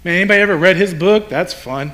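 This preacher talks fast, his high, bright voice carrying a forceful edge as he addresses a roomful of worshippers. He keeps it conversational, asking rhetorical questions and performing quotations.

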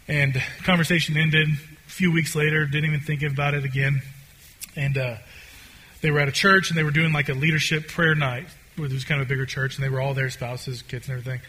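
A man preaching a conversational sermon as a pastor, swinging between loud, excited stretches and quiet, hushed ones. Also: fairly high pitch, a little fast, husky.

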